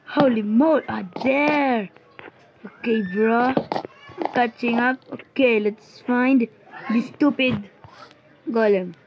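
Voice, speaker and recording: A woman giving playful live commentary while gaming, chatty and joking, who bursts into panicked shouting. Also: a little high, takes it slowly, pauses often, muffled recording, background noise. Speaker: gamer.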